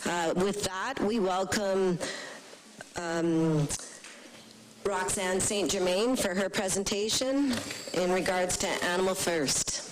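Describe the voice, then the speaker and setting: A speaker chairing a town council meeting, polite and a little halting while introducing presenters. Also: medium pitch, a little hiss or hum, poor audio. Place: council chamber.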